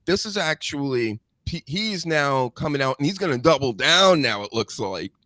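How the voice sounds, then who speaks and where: A man riffs as a podcast host, his talk blunt, rambling and laced with profanity. His voice sits at an ordinary middle pitch. The sound is dry and close, with no room around it. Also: animated, moderate pace, sharp tone, no echo. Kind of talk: casual live-stream commentary.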